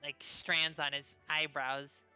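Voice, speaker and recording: A woman's voice: low voice, slow, clean tone, soft background music, poor audio. A woman narrating a tabletop game as game master, giggly and chatty. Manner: giggly, lively, chatty with fillers.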